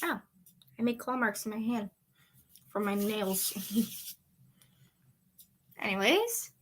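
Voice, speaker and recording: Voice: mid-range voice, expressive, slow, a bit bright. A playful reader and voice impressionist who reads a story aloud, breaks off to chat, and giggles often. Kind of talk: casual read-aloud with chatter.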